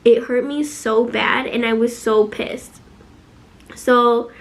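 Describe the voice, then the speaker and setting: A woman's voice: fairly high pitch, fairly even intonation, takes it slowly. A young woman from Chicago with a Chicago accent, telling a personal storytime vlog. She talks emotionally, fills her speech with "like" and acts out the other people's quotes. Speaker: vlogger.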